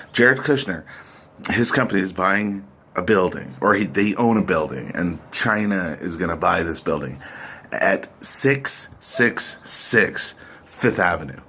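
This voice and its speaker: A man's voice: sits low, pushed and bright. A middle-aged man hosting a podcast, delivering a profane, sardonic, rambling political rant. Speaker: podcast host. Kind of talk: ranting political monologue.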